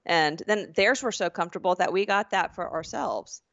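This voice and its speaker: A woman co-hosting a podcast in casual chat, trading quick, joking banter and laughing often. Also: lowish voice, a bit bright, dry recording, muffled recording. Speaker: podcast co-host.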